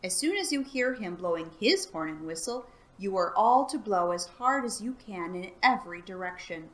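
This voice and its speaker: Lady doing a brave clever little boy from a storybook, hushed earnest voice. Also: medium pitch, animated, normal speed, natural voice. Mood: hushed planning. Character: plucky young boy adventurer, brave and clever.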